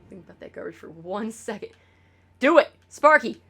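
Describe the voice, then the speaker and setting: A woman's voice: fairly high pitch, animated, normal speed, fairly bright tone, breathy edge. A woman streamer talking casually to her chat, rambling and swearing with lots of stammered restarts.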